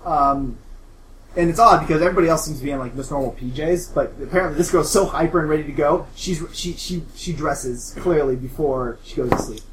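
A man's voice: fairly high pitch, brisk, fairly bright tone, reverberant, slight background noise, low-quality recording. A man narrating as game master in loose, chatty storytelling full of fillers.

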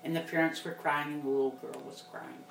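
A woman's voice: low-pitched, quick pace, gravelly, echoey room, a little hiss or hum, low-quality recording. A woman on a casual podcast, earnestly telling a story with feeling.

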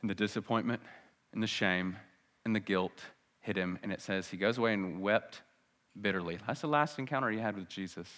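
A male pastor giving a sermon in a church, swinging from biting sarcasm to hushed, earnest appeals. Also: lowish voice, fairly quick. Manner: sarcastic, then dramatic with wide swings between loud and hushed.

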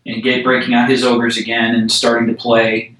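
Man, co-host, relaxed agreeable chat, mid-pitched voice, roomy echo on a remote call. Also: moderate pace. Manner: relaxed, agreeable, hesitant fillers. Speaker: podcast co-host. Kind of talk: casual hobby chat.

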